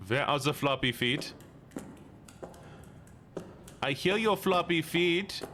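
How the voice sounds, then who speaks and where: A man streaming a game and chatting casually with his viewers in a playful, goofy way, jumping into sudden high squeaky exclamations. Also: animated, moderate pace, sharp tone. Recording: noticeable background noise.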